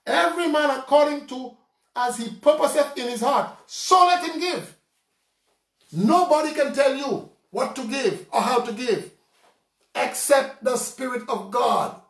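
Saint Lucian preacher, roomy and off-mic. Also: male voice, very high voice, measured pace, recorded from a distance. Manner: lively, conversational preaching with rhetorical questions. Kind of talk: sermon.

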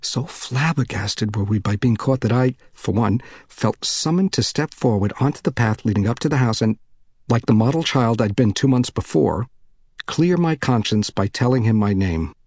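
A man reading a novel aloud in measured, deliberate narration. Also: medium pitch, animated, a little mellow, breathy edge, no echo. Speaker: audiobook narrator. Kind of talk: scripted narration.

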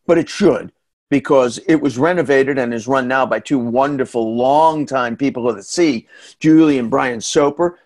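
A middle-aged man with a New England accent telling a folksy, chatty story in a casual talk, full of asides and quick questions to the listener. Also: mid-range voice. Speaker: storytelling reporter and guest speaker.

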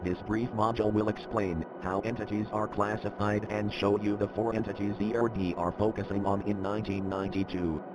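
A man's voice: lowish voice, flat delivery, a little fast, few pauses, over music, natural voice, low-quality recording. A man narrating a formal training briefing in scripted narration.

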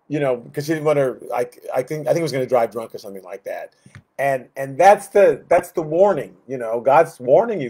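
A man leading a Bible study in a loose, conversational teaching style, animated, often restarting sentences and asking rhetorical questions. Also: medium pitch, a little fast.

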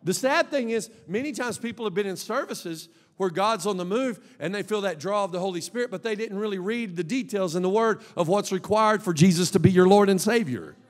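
High-voiced man preaching in an echoey hall. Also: a little fast, hardly any pauses. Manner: emphatic, swings between soft asides and loud exhortation. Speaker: pastor. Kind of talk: sermon. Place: church sanctuary.

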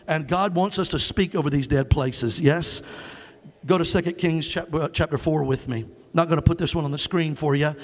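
Preacher man in an echoing church. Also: a little high. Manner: urges the crowd to answer and raise hands; retells scripture with lively quoted voices. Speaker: guest preacher. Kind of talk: sermon. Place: church sanctuary. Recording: long hall reverb.

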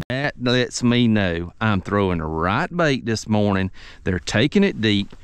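A man, a fishing charter captain talking through his catch on a boat outdoors, excitable and repeating himself. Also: lowish voice, a little slow, clear, resonant tone, no echo. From Gulf Coast of the United States. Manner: excitable, drawling, repeats phrases. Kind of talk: fishing vlog commentary.

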